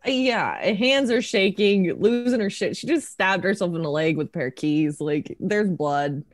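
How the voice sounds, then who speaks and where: A woman's voice: lowish voice, measured pace, no echo, clean studio sound. A woman player in a tabletop horror game, narrating her character's actions with emotion and frequent laughter.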